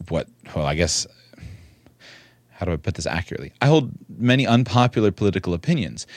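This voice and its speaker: A man giving spoken commentary in a measured, earnest way, repeating words for emphasis. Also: on the low side, no echo, studio quality.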